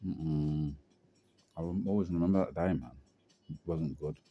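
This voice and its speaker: A man's voice: rumbling low, normal speed, dull audio. A young man telling a personal story in a rambling, slangy way with lots of fillers. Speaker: vlogger.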